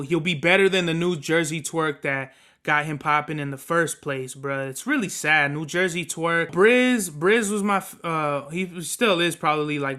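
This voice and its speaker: A man with a bright, tense and smooth voice, pitched a little above the usual for men. He hosts a podcast alone, rambling through his opinions in a loose, slangy and often profane way. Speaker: podcast host. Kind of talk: casual solo commentary.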